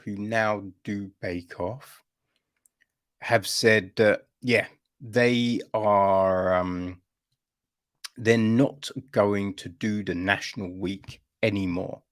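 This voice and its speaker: A man's voice: medium pitch, fairly bright tone. A middle-aged man giving blunt, sweary podcast commentary, ranting and checking in with "right?". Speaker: podcast host.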